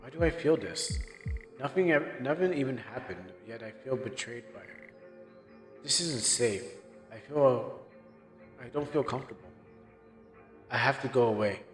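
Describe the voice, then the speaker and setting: Brief: male streamer, mid pitch, quiet hesitant reading, reverb tail, faint music under. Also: expressive, moderate pace, pauses often. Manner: subdued, hesitant reading with restarts. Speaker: game streamer. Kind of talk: reading game text aloud during a playthrough.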